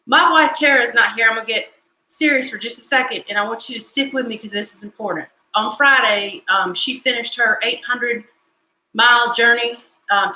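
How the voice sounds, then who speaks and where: Chatty woman in an echoey kitchen. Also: a little high. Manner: chatty, joking, folksy and animated. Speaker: home cook hosting a live stream. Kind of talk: casual live cooking chat. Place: home kitchen.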